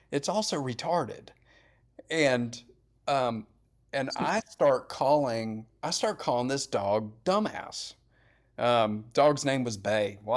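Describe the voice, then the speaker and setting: A middle-aged man telling animated, blunt and profane stories in casual podcast chat. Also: mid-range voice.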